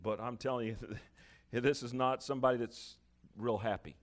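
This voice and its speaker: Male preacher, mid-pitched voice, reads scripture, then breaks into animated asides with chuckles. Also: normal speed. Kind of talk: sermon reading and expounding scripture.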